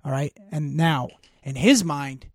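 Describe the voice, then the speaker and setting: A man with a gravelly, fry-heavy voice tells emphatic stories laced with profanity. He sits slightly high in pitch, and the sound is dry and close, with no room echo. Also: unhurried, darkish tone. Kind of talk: casual storytelling chat.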